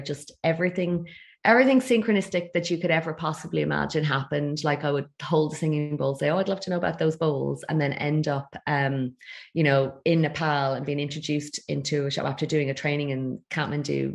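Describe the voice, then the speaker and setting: Low gravelly woman, chatty. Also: steady tone. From Ireland. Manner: chatty storyteller, quick asides, laughs often. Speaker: podcast guest, feng shui expert. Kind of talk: casual interview chat.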